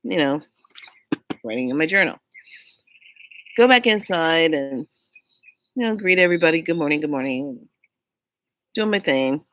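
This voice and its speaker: Low-voiced woman telling a story. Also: normal speed, pauses often, no echo, low-quality recording. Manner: animated, laughing often, acts out quotes. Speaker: vlogger. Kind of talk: casual storytelling vlog.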